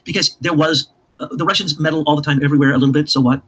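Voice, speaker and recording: Rapid-fire husky man with Ozark accent. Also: fairly high pitch, steady tone, a bit bright. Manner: rapid, insistent, piles up lists. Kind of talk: casual conspiracy talk. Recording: muffled lo-fi recording.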